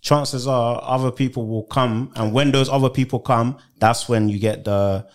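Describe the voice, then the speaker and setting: A man, an actor and filmmaker, talking casually in a lively, slangy way and often acting out other people's voices. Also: medium pitch, moderate pace. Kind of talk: casual podcast chat.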